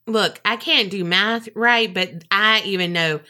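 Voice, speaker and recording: A woman with a bright, forceful voice reacts to her co-host's story. She is outspoken and casual, and she swears freely. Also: mid-range voice, unhurried. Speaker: podcast co-host.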